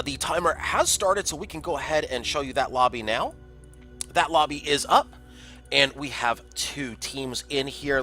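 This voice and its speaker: A man's voice: medium pitch, bright, forceful tone. A man casting a community game tournament on a livestream, chatty and jokey, reading out chat messages. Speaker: tournament caster.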